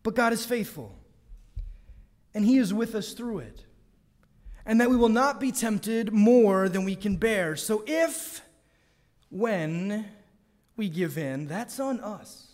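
High-voiced male preacher in a reverberant hall. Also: expressive, takes it slowly, pauses often, darkish tone. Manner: emphatic, varies volume for emphasis, rhetorical questions. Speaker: pastor. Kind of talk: sermon.

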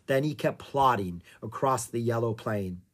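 An audiobook narrator reading a children's story aloud in a calm, expressive way. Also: mid-range voice, a little slow.

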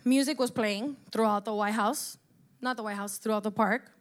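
A woman's voice: a little high, steady tone, moderate pace. A young woman from the United States giving an impassioned personal monologue, emotional and close to tears, swearing as she speaks.

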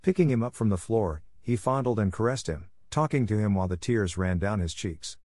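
A man narrating a classic storybook in a steady, measured reading voice. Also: lowish voice, dry recording, clean studio sound. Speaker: audiobook narrator.

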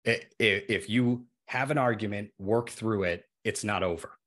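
A man with a low, husky voice talks through a casual podcast conversation. He explains at length and illustrates his points with everyday examples. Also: moderate pace, a bit bright.

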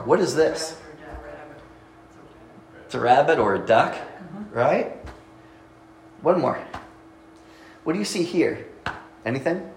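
A male pastor giving a conversational sermon, asking his congregation questions and pausing over his words. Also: mid-range voice, echoey room, a little hiss or hum, low-quality recording. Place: church sanctuary.

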